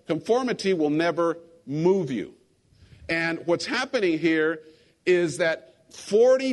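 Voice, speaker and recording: A pastor giving a sermon, telling a story with lively acted-out quotes and calling out questions to his congregation. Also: sits high. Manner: animated storytelling, acting out quotes, asking the congregation.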